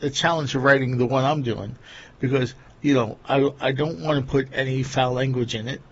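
A man's voice: medium pitch, fairly even intonation, normal speed, fairly bright tone, husky, lo-fi sound. A man with a Long Island New York accent, hosting a casual chat and rambling with lots of fillers. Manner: rambling, many fillers like "you know" and "like".

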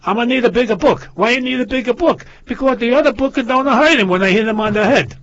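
A fretful immigrant father with a thick foreign accent, as a man puts him on. He pleads in broken phrases, his husky voice jumping up when he gets worked up. The sound is muffled and lo-fi. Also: very high voice, rapid-fire, a bit bright, voice pushed up, full character voice. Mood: exasperated. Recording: lo-fi muffled audio.

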